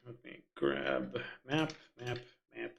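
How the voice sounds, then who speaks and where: A man's voice: medium pitch, big pitch swings, slow pace, gravelly, heavy background noise. A man running a tabletop game, muttering and swearing to himself as he hunts for his notes. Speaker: game master.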